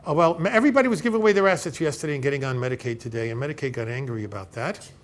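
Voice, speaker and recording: A man's voice: mid-range voice, racing. A man, an elder law attorney, giving a conversational seminar to a live audience, retelling client conversations and often checking in with "okay?". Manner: animated storyteller who acts out both sides of conversations. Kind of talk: conversational seminar talk with retold client dialogues.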